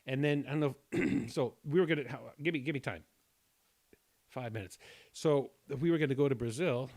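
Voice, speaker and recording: A man telling a long personal story in casual chat, rambling and self-deprecating, often clearing his throat. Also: mid-range voice, fairly quick, darkish tone, no echo.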